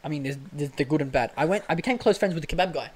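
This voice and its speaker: Fast-talking Australian young man telling stories. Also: a little high, low-quality recording. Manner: animated, laughs mid-story, slangy. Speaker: podcast guest. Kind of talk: casual storytelling chat.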